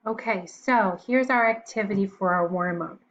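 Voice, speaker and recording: A woman teacher giving a recorded lesson to young children, patient and encouraging, pausing for answers. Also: medium pitch, fairly bright tone, muffled recording, a little hiss or hum.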